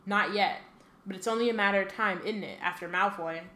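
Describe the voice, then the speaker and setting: A woman reading the lines of a huge, gruff male groundskeeper from a novel, in a thick voice. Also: medium pitch, fairly quick, pushed and bright, natural voice. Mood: gloomy. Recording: echoey room with faint ambient noise.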